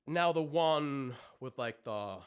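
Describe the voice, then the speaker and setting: In a slow, smooth, mid-range voice that stays animated, a male vocal coach explains technique in a live-streamed lesson. Lots of ums and restarts fill his speech, and he interrupts himself to demonstrate screams.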